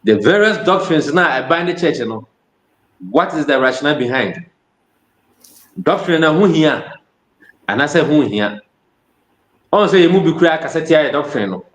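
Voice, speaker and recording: Ghanaian man preaching in an echoey room. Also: fairly high pitch. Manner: switches between Twi and English phrases. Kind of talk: sermon.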